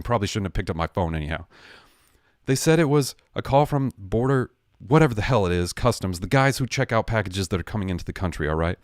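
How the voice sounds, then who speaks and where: A livestream host with a voice on the low side tells a story fast and animatedly, jokey and sarcastic, correcting himself as he goes. It's a casual storytelling rant, recorded at studio quality with no echo.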